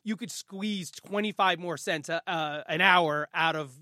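A man's voice: a little high, unhurried, sharp tone, dry recording, clean studio sound. A man chatting casually, easygoing and laughing along as he tells a story. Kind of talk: casual chat.

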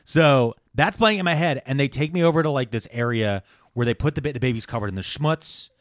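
A man's voice: medium pitch, fairly quick, no echo, studio quality. A man co-hosting a podcast, telling a story in a casual, jokey, profane way. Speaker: podcast co-host.

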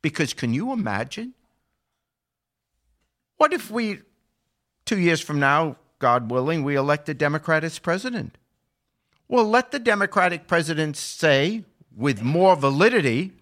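An older man giving political commentary as a show regular, building from calm remarks to impassioned, indignant emphasis. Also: a little high, unhurried, long pauses. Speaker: podcast regular.

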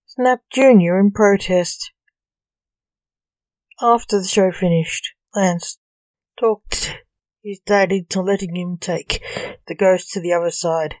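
A woman reading a comic story aloud in a measured, gently expressive way. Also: fairly low pitch, no echo, low-quality recording.

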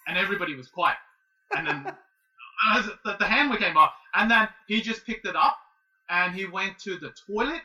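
A man in his late thirties telling a casual story as a guest, animated and halting, with many restarts. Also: high-pitched, distant mic, rough recording. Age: 30s. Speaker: guest, martial arts student.

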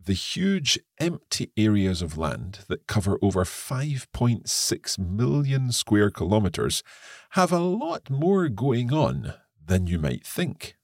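A Scottish man co-hosting an English lesson podcast, reading a text aloud and explaining words clearly. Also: fairly low pitch, big pitch swings, takes it slowly, no echo, clean studio sound. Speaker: co-host and English teacher.

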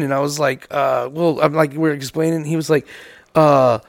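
A man's voice: a little high, fairly even intonation, moderate pace, creaky, dry recording, clean studio sound. A man co-hosting a casual podcast chat, telling stories and teasing, laughing often as he talks. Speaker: podcast co-host.

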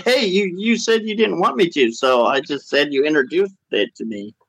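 A man hosting a comedy podcast, teasing his co-host with quick jokes. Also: a little high, creaky, fairly bright tone, slightly rough, no echo, poor audio. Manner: teasing, jokey interjections. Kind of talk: casual comedy podcast chat.

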